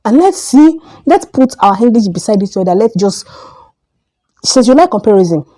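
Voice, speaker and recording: A young Nigerian woman with a Nigerian accent, giving an emphatic opinion vlog that repeats its points and jumps up in pitch when heated. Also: lively intonation, moderate pace, warm tone. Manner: emphatic, repetitive, rises sharply when heated. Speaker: vlogger.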